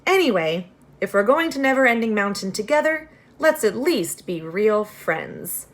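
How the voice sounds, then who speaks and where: A woman's voice: mid-range voice, sing-song, moderate pace, pitched above the performer's own voice, lightly acted. A woman voicing a kind, practical young girl who speaks in a friendly, reassuring way in a read-aloud storybook.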